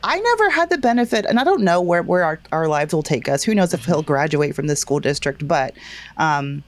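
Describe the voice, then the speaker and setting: Low-voiced woman co-hosting a podcast. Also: expressive, fairly quick. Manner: chatty, laughs while telling stories. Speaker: podcast co-host. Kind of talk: casual chat. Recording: studio podcast mic.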